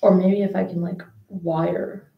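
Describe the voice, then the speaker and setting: A woman's voice: lowish voice, little pitch movement, unhurried, vocal fry, highs cut off. A young woman co-hosting a podcast in casual chat, rambling with fillers, recorded in a small room. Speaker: podcast co-host. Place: small room in a school library. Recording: echoey small room, faint background noise.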